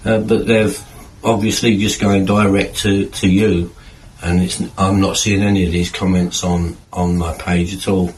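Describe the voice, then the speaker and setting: A man in a garden shed chatting casually to camera with dry, deadpan humor, rambling and repeating his words. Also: low voice, a little slow, a little hiss or hum, rough recording. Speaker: video creator.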